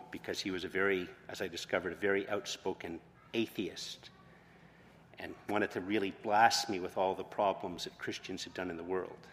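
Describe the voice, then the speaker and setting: A man, a pastor, preaching a sermon in a conversational way that rises to loud, emphatic proclamations. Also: deep voice, steady tone, normal speed, a little hiss or hum. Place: church hall with long reverb. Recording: reverberant church hall.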